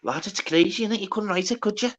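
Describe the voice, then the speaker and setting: A man hosting a casual livestream chat, swearing a lot and talking in quick bursts full of filler words. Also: high-pitched. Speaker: livestream host.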